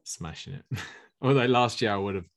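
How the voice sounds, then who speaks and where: Guy with a lowish voice hosting a chill podcast, playful, reads out questions. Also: moderate pace, gravelly, slight background noise. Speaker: podcast host. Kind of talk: casual chat about fantasy football.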